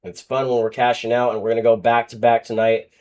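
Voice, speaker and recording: A man's voice: medium pitch, flat delivery, fast talker, darkish tone. A young man hosting a casual sports betting show, going through picks bluntly and joking as he goes. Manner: blunt, joking, trash-talking teams and players.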